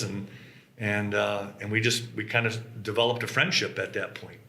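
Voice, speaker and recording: A man recounting how his business began, with a bright, forward voice. He tells his stories with animation and acts out the quotes. The room around him rings with echo. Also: on the low side, fairly even intonation, normal speed. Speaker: co-founder of a mobile home business. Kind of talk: casual conversation. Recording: roomy echo.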